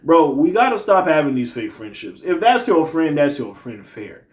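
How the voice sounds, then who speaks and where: A man's voice: on the high side, moderate pace. Blunt man ranting in casual commentary. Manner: blunt, profane, animated ranting with swings in loudness. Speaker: commentary channel host.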